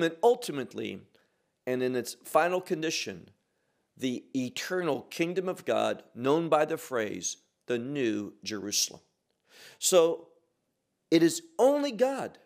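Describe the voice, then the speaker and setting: A middle-aged man with a slightly high voice teaches a Bible passage verse by verse. He goes slowly and deliberately, stressing key words with sharp rises and drops.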